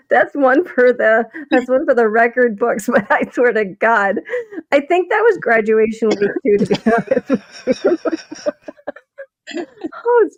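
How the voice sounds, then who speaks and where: In a high voice, recorded with no echo and with the highs cut off, a middle-aged Wisconsin woman co-hosts a casual stream. Her storytelling chat rambles, broken up by laughs and restarts.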